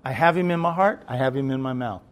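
A man preaching a sermon in a conversational tone. He often checks whether the listeners are following, then rises into loud, emphatic preaching. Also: mid-range voice, fast.

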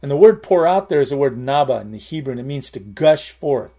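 A middle-aged man preaching a sermon in a conversational way, repeating and restarting words and slowing down to stress key lines. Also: mid-range voice, expressive, mellow.

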